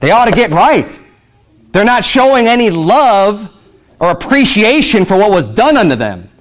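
Man, pastor, sermon, high voice, emphatic rhetorical questions, scripture reading. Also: very animated, moderate pace. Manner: preaching with rising, emphatic peaks and rhetorical questions; reads scripture aloud then explains in casual asides.

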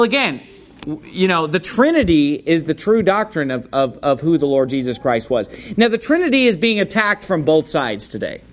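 A man's voice: sits high, fairly bright tone. A man preaching as a pastor, reading scripture aloud and then expounding on it with rising intensity. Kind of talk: sermon.

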